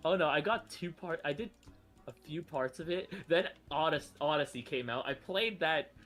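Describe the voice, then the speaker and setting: A man's voice: a little high, moderate pace, fairly bright tone, soft background music. A man chatting casually as a streamer, rambling and correcting himself, with frequent laughs. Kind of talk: casual chat.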